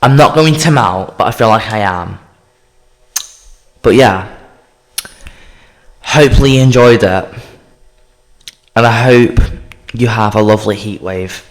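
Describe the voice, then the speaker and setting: A man's voice: lowish voice, unhurried, long pauses. A man hosting a casual solo podcast, rambling and sighing as he talks straight to the listener. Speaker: podcast host.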